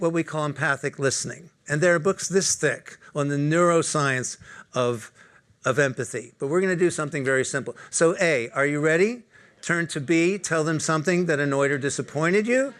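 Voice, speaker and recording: A man's voice: a little high, a bit bright. Man leading an audience exercise. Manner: direct, instructive, addresses audience with questions. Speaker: workshop speaker. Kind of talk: leading a live group exercise. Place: corporate talk venue with audience.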